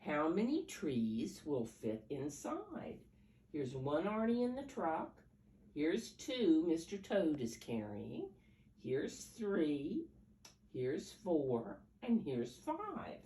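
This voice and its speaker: This storyteller for preschoolers is an older woman whose low, dark voice swoops wildly in pitch at a slow pace. Reading picture books aloud, she coaxes the children like a teacher, counts with them, and asks questions. The sound is echoey and distant, with a faint hum.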